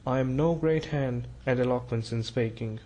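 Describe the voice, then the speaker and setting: A man's voice: mid-range voice, moderate pace, dark tone, dull audio, close to an everyday voice. A man reading a storybook, voicing a timid, awkward male civil servant who stammers and hesitates. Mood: halting, earnest.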